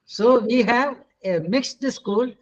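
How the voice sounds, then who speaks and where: A middle-aged man with an Indian English accent leads an online pronunciation lesson in a high voice. He is patient and corrective, often pausing to search for words. The webinar audio is dull and lo-fi. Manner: patient, corrects students, many hesitant fillers. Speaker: English teacher. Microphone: video call.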